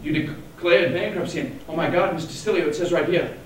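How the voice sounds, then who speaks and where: A man's voice: on the high side, a little fast, slight background noise, natural voice. A man voicing a fiery southern woman bank teller in an overdone mock drawl, heard from far off in an echoey hall. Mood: stern.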